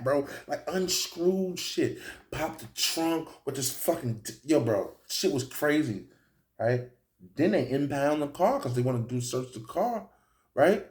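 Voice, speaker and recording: A man recounts a run-in with the police in casual, profane street talk. His voice leaps up and down with animation and sits a little high for a man. He acts out the people he is quoting. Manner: animated, profane street storytelling with acted-out quotes. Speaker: storyteller. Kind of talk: casual storytelling to camera.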